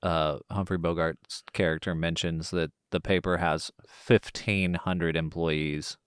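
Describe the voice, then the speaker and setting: Slow, smooth, very deep male voice. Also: steady tone, dry recording, clean studio sound. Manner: slow, measured, with many "um"s and "yeah"s. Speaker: podcast co-host. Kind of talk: casual film discussion.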